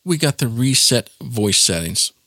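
A man's voice: medium pitch, sing-song, a little slow, bright, forceful tone, dry recording, clean studio sound. A man giving a casual spoken tutorial in a chatty, informal way, with plenty of asides. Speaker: tech tutorial presenter.

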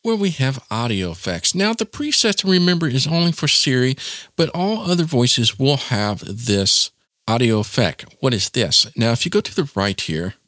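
Chatty man with a lively voice. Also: mid-range voice, normal speed, dry recording, studio quality. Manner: chatty and informal, with "yep" and "nonetheless" asides. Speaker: tech tutorial presenter. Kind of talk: casual spoken tutorial.

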